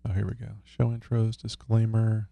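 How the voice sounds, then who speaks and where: A man's voice: fairly low pitch, little pitch movement, moderate pace, gravelly, dark tone, no room sound. A man co-hosting a podcast in casual chat, joking and rambling while he fiddles with his setup. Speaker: podcast co-host.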